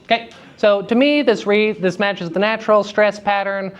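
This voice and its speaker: A man teaching verse speaking to high school students in a live lecture, with a playful and teasing manner. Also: fairly even intonation, normal speed, clear, resonant tone, muffled recording. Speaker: drama teacher giving a lecture. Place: school room at a theater festival.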